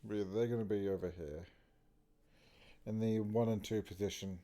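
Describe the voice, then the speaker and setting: A man's voice: on the low side, steady tone, moderate pace, dark tone. A man streaming as he draws, tired and yawning, talking to himself in a casual muttering way. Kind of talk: casual talk while drawing.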